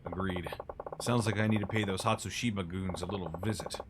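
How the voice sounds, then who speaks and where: A man voicing a calm, cool male moneylender boss in a game, in a low, quiet, laid-back tone. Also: brisk, close to an everyday voice. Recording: noisy stream audio.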